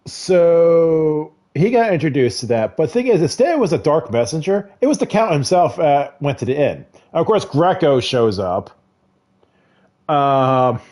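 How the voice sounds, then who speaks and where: A man's voice: fairly high pitch, very animated, darkish tone. A man recapping a show in casual rambling talk, chuckling often and briefly voicing the characters he quotes. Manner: rambling, chuckles often, retells scenes with quick quoted voices. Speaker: gaming vlogger.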